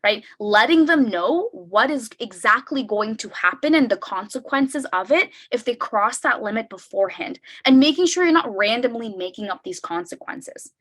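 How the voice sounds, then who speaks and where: A young adult woman giving a parenting workshop over a video call. She talks conversationally, keeps asking "right?", and acts out parent lines in a brighter voice. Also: on the high side, lively intonation, moderate pace, few pauses. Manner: conversational, tags sentences with "right?". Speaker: workshop presenter. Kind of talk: online parenting workshop talk.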